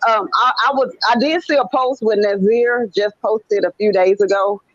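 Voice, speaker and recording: A woman calling into an online panel from work, speaking in a hesitant, halting way with many fillers. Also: medium pitch, no echo. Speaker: panel caller. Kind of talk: casual panel talk. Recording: dull lo-fi call audio.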